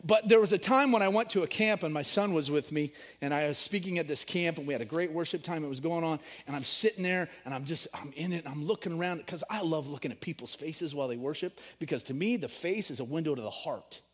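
A middle-aged man preaching a sermon, animated, swinging between loud emphasis and hushed storytelling. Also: on the high side, fast, hardly any pauses. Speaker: pastor.

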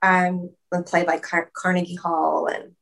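A woman's voice: lowish voice, little pitch movement, unhurried, creaky, a bit bright. Woman guest, chatty and giggly, loose casual talk. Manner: chatty, lots of "like" and "um", laughs often. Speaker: musician guest. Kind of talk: casual interview chat. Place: video call.

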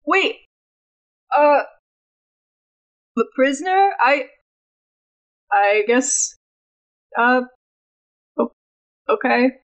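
A woman's voice: high voice, animated, very slow, long pauses, exaggerated voice. Woman doing a flustered stammering juggler man. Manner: hesitant, stammering. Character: male fire-juggling entertainer, flustered. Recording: dull, lo-fi audio.

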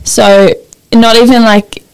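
A young woman co-hosting a podcast, telling a story in casual chat, animated and full of fillers. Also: on the high side, takes it slowly, clear, resonant tone, poor audio. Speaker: podcast co-host.

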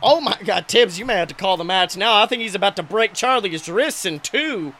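A man voicing a crude, excitable wrestling announcer who calls the action in profane play-by-play. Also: high-pitched, a little fast, exaggerated voice. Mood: excited. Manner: profane, excitable, shouts big moves. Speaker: wrestling commentator character. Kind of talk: comedic play-by-play commentary.

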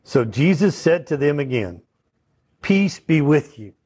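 Husky-voiced man preaching slowly. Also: fairly high pitch, big pitch swings, a little mellow. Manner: conversational teaching, asks the audience questions. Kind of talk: sermon.

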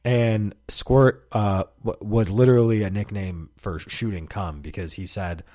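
A man's voice: fairly low pitch, steady tone, measured pace, warm tone, no echo. A man hosting a podcast, telling stories in a rambling, profane, casual way and laughing often, close to the mic. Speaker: podcast host. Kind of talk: casual storytelling monologue.

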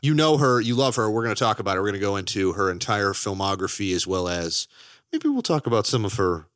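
A man hosting a casual film podcast, energetic and jokey, laughing often. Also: on the low side, fast talker, no room sound, clean studio sound. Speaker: podcast host.

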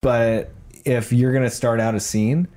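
A man's voice: mid-range voice, fairly even intonation, unhurried, mellow. A man co-hosting a podcast about improv, talking casually and emphatically, prone to tangents. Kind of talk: casual chat.

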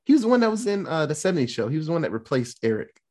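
A man co-hosting a podcast, reviewing a movie in casual chat, excitable and rambling, swearing freely. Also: a little high, very fast. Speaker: podcast co-host.

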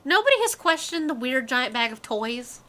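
Woman, higher pitch, bright tone, casual film commentary, blunt, laughs a lot. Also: sing-song, normal speed. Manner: blunt, swears freely, laughs often. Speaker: co-host reacting to a film. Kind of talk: casual movie-reaction chat.

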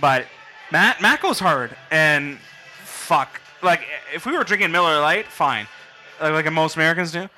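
Bright-voiced man telling a drunken story. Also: fairly high pitch, expressive, unhurried. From Canada. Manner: swears a lot, acts out quotes. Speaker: podcast guest. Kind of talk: casual storytelling.

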